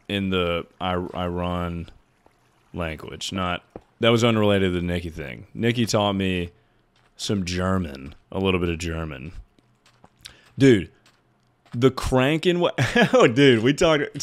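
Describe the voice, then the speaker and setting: This man's deep voice has lively intonation and a slightly slow pace. During a casual livestream chat, he rambles and jokes around with his viewers, dropping plenty of swear words.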